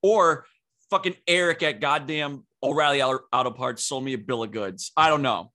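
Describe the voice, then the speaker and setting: A man's voice: medium pitch, normal speed, bright, forceful tone. A young man co-hosting a podcast, ranting animatedly and swearing in casual chat. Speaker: podcast co-host.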